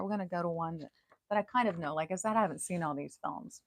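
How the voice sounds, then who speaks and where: A woman hosting a live stream in a casual, chatty way, giggling often and throwing in loud, swearing asides. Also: on the low side, fast, vocal fry, no echo, rough recording. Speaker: host.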